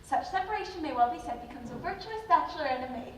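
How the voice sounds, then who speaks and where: Girl playing a proper young noblewoman, very high voice, long echoey hall, mic way off. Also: expressive, fast talker, distant mic, slight background noise. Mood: earnest. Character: young noblewoman, earnest and modest. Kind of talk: live stage play. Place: school auditorium stage.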